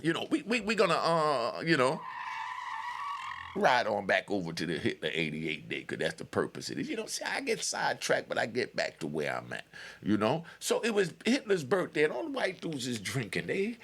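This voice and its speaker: A man hosting his own show, casually telling a long prison story in an animated, digressive way and laughing often. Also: medium pitch, moderate pace, vocal fry, noisy background.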